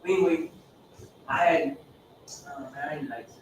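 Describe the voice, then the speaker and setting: A man's voice: mid-range voice, moderate pace. A man sharing his recovery story in a group. He rambles, swears, repeats himself and acts out quoted dialogue. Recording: echoey room from far off with background noise.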